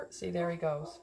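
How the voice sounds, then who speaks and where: A woman's voice: very high-pitched, background noise. A woman giving a casual, rambling live craft lesson on wreath making, chatting with viewers and answering their comments as she works.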